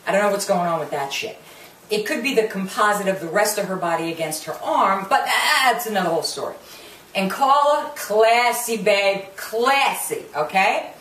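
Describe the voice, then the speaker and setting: A woman's voice: medium pitch, lively intonation, fairly quick, fairly bright tone, distant mic. A woman ranting through a profane review of a reality show, cursing and throwing in swears. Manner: brash, swearing, drops Italian curses, mocks cast members. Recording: echoey room, voice a bit off-mic, faint ambience.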